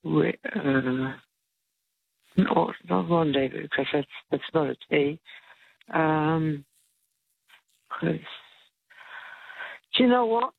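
A woman's voice: low-pitched, takes it slowly, creaky, long pauses, no echo. A woman calling in to a radio quiz over the phone, thinking aloud and hesitating over answers. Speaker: caller. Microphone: telephone. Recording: tinny phone line.

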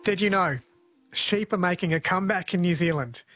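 A man's voice: sits high, brisk, a bit bright, dry recording, soft background music. Playful male morning radio presenter. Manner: chatty, playful, self-mocking.

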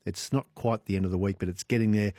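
A man's voice: on the low side, steady tone, fast talker, warm tone, no room sound. A man with an Australian accent hosting an evening radio show, chatty and playful, laughing easily. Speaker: radio host. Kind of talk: casual radio chat. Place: radio studio.

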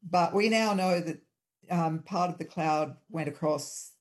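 Woman, husky voice, interview guest, measured and explanatory, remote call. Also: sits low. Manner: measured, explanatory, frequent ums. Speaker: historian guest. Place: hotel room.

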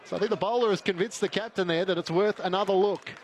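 Male cricket commentator, slightly high voice, steady informative call, faint noise. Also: fast. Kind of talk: ball-by-ball commentary.

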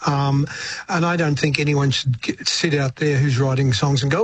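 An older Australian man, a musician guest, chatting in a relaxed, reflective way in a radio interview and often restarting his words. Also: on the high side, moderate pace, a little hiss or hum.

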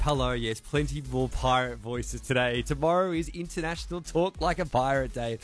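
A man's voice: medium pitch, normal speed, few pauses, faint music behind. A man hosting an afternoon radio drive show, playful and chatty. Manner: playful, chatty, self-correcting. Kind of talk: upbeat radio presenting.

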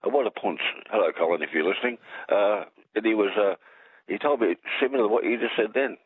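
A deep-voiced Australian man rambles and jokes as a phone-in caller, restarting his sentences often. His husky voice comes through a tinny, dry phone line. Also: quick pace, no room sound. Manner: rambling, jokey, restarts a lot.

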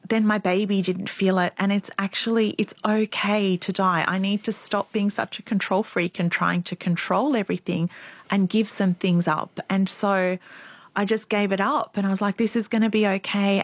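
A middle-aged woman who is a guest in an interview. She tells a deeply personal story in an earnest, reflective way, speeding up and slowing down as she goes. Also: dry recording.

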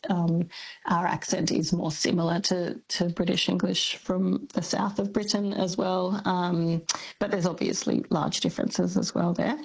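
A woman's voice: fairly low pitch, gravelly, slightly rough, poor audio. A woman, a linguistics academic on radio, speaking hesitantly with many ums. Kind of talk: radio interview.

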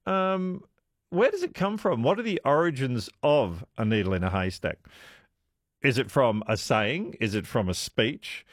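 A man's voice: medium pitch, dry recording, clean studio sound. A man hosting talkback radio, chatty and musing questions aloud to listeners. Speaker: radio host.

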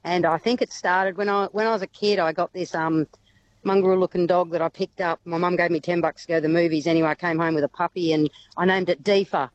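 A woman's voice: on the low side, steady tone, quick pace, highs cut off. A woman, a wildlife carer chatting casually as a radio guest, hesitant and full of ums. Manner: chatty, hesitant with many ums, laughs often.

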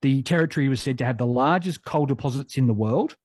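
Wry history storyteller. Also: male voice, medium pitch, fast talker, a little mellow, dry recording, studio quality. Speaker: history podcaster guest. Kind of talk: radio interview.

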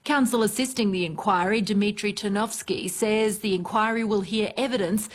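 A woman reporter delivering a scripted news report in a clear, even manner. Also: medium pitch, normal speed.

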